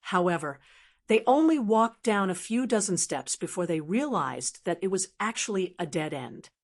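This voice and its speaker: A woman's voice: mid-range voice, lively intonation, normal speed. Woman narrating a fantasy audiobook. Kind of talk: scripted narration.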